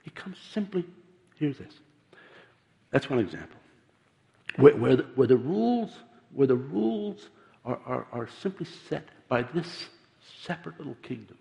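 A man preaching a sermon in an animated, emphatic way, with many repeated restarts. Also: medium pitch, moderate pace, creaky, long pauses. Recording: long reverb of a large hall.

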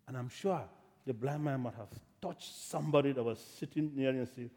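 A man preaching a sermon, from Africa, telling the story dramatically, swinging from hushed to shouting. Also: medium pitch, normal speed, husky, big-room sound. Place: church in America.

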